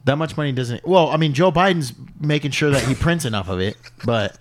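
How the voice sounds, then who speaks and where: A man's voice: mid-range voice, a little fast. A man co-hosting a podcast in casual chat, blunt and profane, ranting with scorn.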